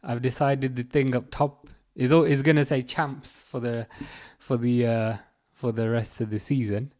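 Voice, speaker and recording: A man hosting a live football watchalong, reading chat messages aloud and answering them in a chatty, halting way full of fillers and restarts. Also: mid-range voice, fairly even intonation, warm tone. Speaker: livestream host reading chat.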